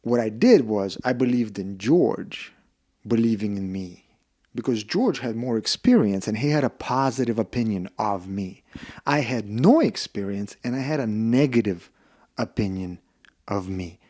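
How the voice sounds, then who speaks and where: A man's voice: lowish voice, unhurried. A man with a Russian accent, a podcast guest telling stories and acting out the dialogue in them. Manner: animated, acts out dialogue in quoted voices. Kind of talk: casual storytelling interview.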